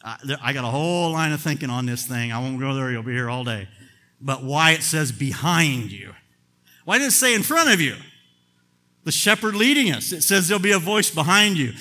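An older man preaching a sermon with passion, swinging from loud emphatic bursts to quiet asides. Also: fairly high pitch, big pitch swings, a little fast. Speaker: pastor.

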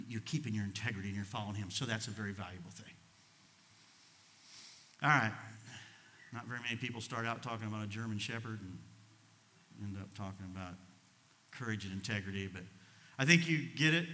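An emotional male pastor preaching to his congregation, his bright, piercing voice ringing through a church hall with a long reverb. He drops into soft, hushed storytelling, then rises into loud, fervent exhortation. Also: on the low side, fairly even intonation, a little fast, long pauses. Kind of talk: sermon. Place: church sanctuary.

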